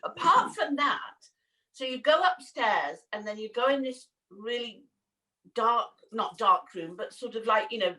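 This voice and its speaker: High bright-voiced chatty woman. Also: expressive, unhurried, distant mic, low-quality recording. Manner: chatty storyteller, laughs often, acts out quoted voices. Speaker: co-host. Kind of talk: casual chat.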